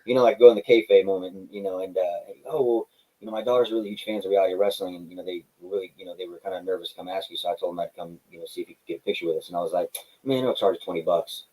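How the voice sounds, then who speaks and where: A man from Texas, a professional wrestler guest in a casual interview, telling stories in a lively way and acting out the dialogue. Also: deep voice, rapid-fire, rough recording. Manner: animated storyteller, acts out dialogue, says "man" and "brother" a lot.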